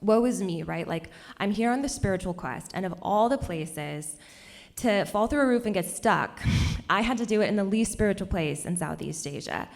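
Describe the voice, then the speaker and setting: A young woman telling a personal story on stage at a cultural center, animated and laughing often between lines. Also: mid-range voice, normal speed, creaky.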